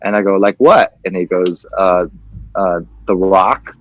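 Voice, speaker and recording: A man's voice: sits low, little pitch movement, a little slow, no room sound, highs cut off. A man in his forties hosting a podcast over a video call, telling a long, rambling story and acting out the quoted lines. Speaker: podcast host.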